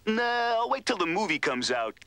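Cool wisecracking cartoon dog; raspy, unhurried delivery. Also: male voice, high voice, background noise, exaggerated voice. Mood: jokey. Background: music.

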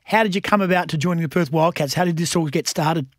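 A man's voice: fairly high pitch, fast talker, no echo, studio quality. A man with an Australian accent hosting a breakfast radio show, upbeat and jokey with his guest.

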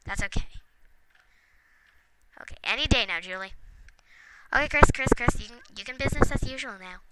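A woman's voice: fairly high pitch, lively intonation, brisk. A woman giving casual gameplay commentary at home, chatting to the game's characters and chuckling often. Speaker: let's play gamer. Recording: noticeable background noise with clicks.

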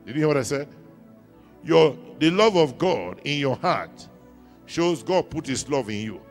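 Gravelly Nigerian pastor preaching emphatically. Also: male voice, on the high side, lively intonation, measured pace, faint music behind. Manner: emphatic call-and-response preaching, repeating lines. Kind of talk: sermon. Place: church.

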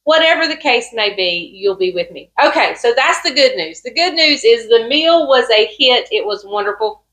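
A woman's voice: on the high side, lively intonation, moderate pace, a bit bright, poor audio. A woman with a Southern US accent chatting casually to camera from her couch about a family meal. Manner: chatty, homey, fond of food. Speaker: farm vlogger, pastor's wife. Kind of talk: casual vlog talk to camera. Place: home living room couch.

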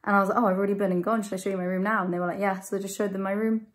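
A young woman vlogs casually from her bedroom at home, racing along in a medium-pitched voice with little pitch movement. She rambles and is self-deprecating as she chats.

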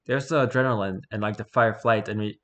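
A man casually reading a spooky first-person story aloud, relaxed and unpolished, stumbling and correcting himself as he goes. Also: fairly low pitch, fast, lo-fi sound. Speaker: story reader.

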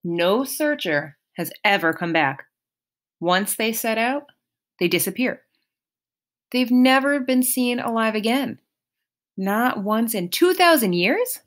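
A woman voicing an anxious, earnest young male satyr with a raised, pleading voice, in a slow, lively storybook reading. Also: on the high side, pitched above the performer's own voice.

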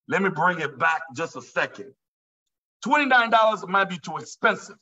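A man hosting a live sales presentation, pitching playfully and joking with his audience, often acting out what they might say. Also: animated, fairly quick, sharp tone. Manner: playful, joking, quotes imagined listeners. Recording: distant, dull lo-fi sound.

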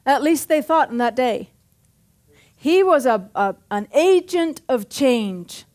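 High-voiced woman pastor preaching. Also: expressive, takes it slowly, darkish tone. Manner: punchy, joking, calls for amens. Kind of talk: sermon. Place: church.

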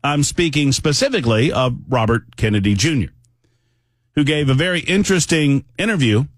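A male talk radio host delivers a political monologue in a conversational, emphatic way, drifting into asides as he goes. His pitch swings widely and animatedly while he stays at a middle register. The sound is dry and close, with no room around it. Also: no echo.

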